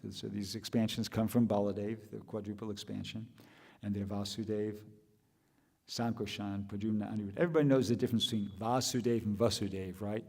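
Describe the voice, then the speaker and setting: A man's voice: lowish voice, little pitch movement, brisk, gravelly, mellow, big-room sound. A man giving a scripture class, thinking aloud with restarts and rhetorical questions.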